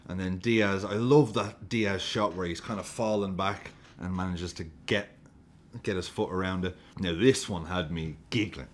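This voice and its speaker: A man reviewing a football match, excitable and sweary, often breaking into laughter as he gushes. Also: low voice, moderate pace, slight background noise. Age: adult with a young daughter. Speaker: football fan vlogger.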